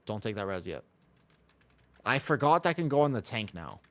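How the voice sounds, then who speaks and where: A man's voice: on the low side, big pitch swings, moderate pace. An American man from Los Angeles, chatting casually on a live game stream, reading out and answering viewer questions. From Los Angeles, USA.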